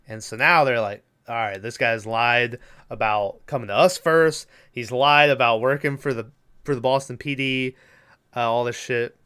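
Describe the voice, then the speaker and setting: A man co-hosting a podcast, casually retelling a movie plot with lots of swearing and quick impressions of the characters. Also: medium pitch, pushed and bright, clear, resonant tone. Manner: rambling, swears freely, acts out characters' lines. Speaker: podcast co-host. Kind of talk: casual movie recap chat.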